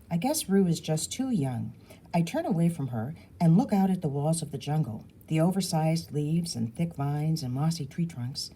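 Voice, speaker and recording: A woman reading a children's novel aloud in a lively, expressive storytelling manner. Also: deep voice, normal speed, breathy edge. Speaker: audiobook reader.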